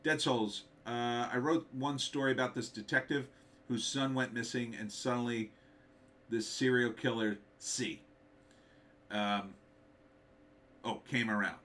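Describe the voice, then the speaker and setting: A middle-aged man, slightly hoarse, hosting a casual livestream, thinking aloud and reading out viewer comments with hums and fillers. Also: medium pitch, fairly even intonation, a little slow, pauses often, a bit bright. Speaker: livestream host, author.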